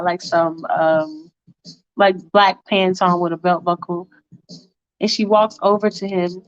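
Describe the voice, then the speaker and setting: Chatty woman telling a fan story. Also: medium pitch. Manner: slangy, chatty asides. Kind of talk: casual fanfiction storytime. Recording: dull lo-fi recording.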